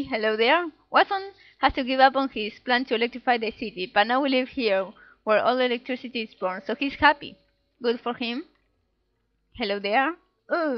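In a dull, dry home recording with no room sound, a let's play gamer with a slightly high voice comments casually on her game. She's playful and giggly, reading the dialogue aloud in little voices.

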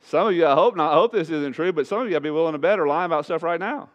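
A man preaching a sermon as pastor, his voice rising loud and slowing down to hammer points home. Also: a little high, muffled recording. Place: church sanctuary.

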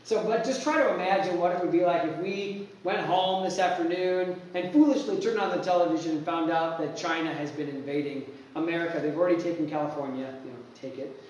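A fairly high-voiced man preaching in a church sanctuary, recorded from a distance so the big room echoes heavily around him. He talks in an animated way, jumps into acted-out quotes and restarts his sentences often. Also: brisk. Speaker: pastor. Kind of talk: sermon. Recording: echoey church hall, mic far off.

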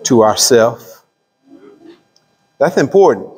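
A middle-aged pastor teaching a Bible study, asking the room questions and drawing out key words. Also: male voice, medium pitch, big pitch swings, darkish tone, slightly rough. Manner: call-and-response questions to the room; drawls key words slowly. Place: church hall. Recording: long hall reverb.

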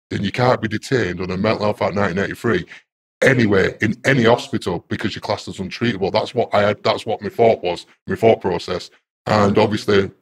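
A man, a guest telling his own story in a rambling, repetitive way that turns loud and agitated. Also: fairly low pitch, husky. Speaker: interview guest. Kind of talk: casual first-person storytelling.

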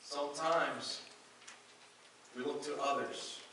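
A man's voice: on the high side, steady tone, slow, sharp tone. Man, pastor, earnest sermon, scripture reading, big church echo, faint room noise. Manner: earnest preaching, reads scripture aloud, restates phrases. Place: church sanctuary. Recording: very echoey church hall, mic far off.

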